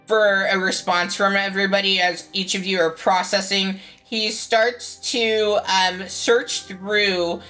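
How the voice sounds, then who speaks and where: A woman's voice: medium pitch, level tone, takes it slowly, few pauses, bright, forceful tone, soft background music, low-quality recording. A woman narrating as game master of a tabletop game, loose and rambling with lots of fillers.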